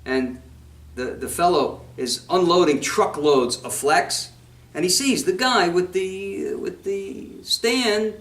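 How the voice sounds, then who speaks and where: Animated rabbi, echoey room, far mic. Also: male voice, sits high, slow. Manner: animated storytelling, mixes Hebrew quotes and English. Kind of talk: sermon on scripture. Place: congregation hall.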